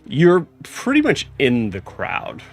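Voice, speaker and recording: A young man narrating as game master, halting and full of fillers as he describes the scene. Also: mid-range voice, huge pitch swings, creaky, faint music behind.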